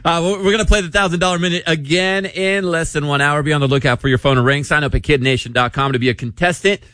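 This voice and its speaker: A man's voice: on the high side, steady tone, quick pace, a bit bright, dry recording, studio quality. A man hosting a radio show, upbeat, announcing segments and reading listener letters aloud.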